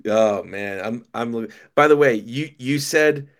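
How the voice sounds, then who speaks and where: Animated man telling a story. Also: mid-range voice, unhurried. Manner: animated storytelling, some stammered restarts. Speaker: podcast guest, company founder. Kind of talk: casual podcast interview.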